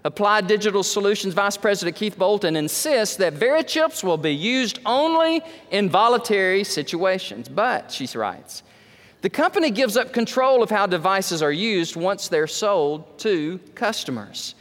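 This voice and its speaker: A man preaching a sermon as pastor, animated, with wide swings in pitch and loudness. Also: moderate pace, in a large hall.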